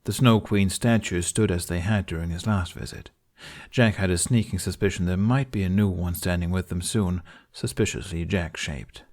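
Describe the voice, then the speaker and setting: A man narrating a fan fiction story aloud in a steady, measured storytelling manner. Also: deep voice. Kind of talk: scripted narration.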